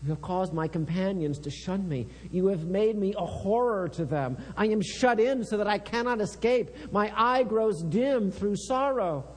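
A man giving a sermon, reading psalms aloud with earnest intensity. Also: high-pitched. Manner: slow, earnest, reads psalms with rising intensity. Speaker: preacher. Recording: long reverb with mains hum.

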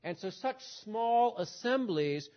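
A man with a high voice preaches an expository sermon at an unhurried pace. He teaches steadily and poses rhetorical questions. The recording sounds dull and lo-fi. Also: lively intonation.

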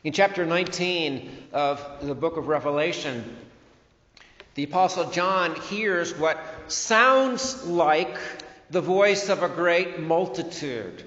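Pastor, male, high voice, slow deliberate sermon delivery, dull recording in a church sanctuary. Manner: slow, emphatic preaching with swings between loud and soft phrases. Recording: dull, echoey hall recording.

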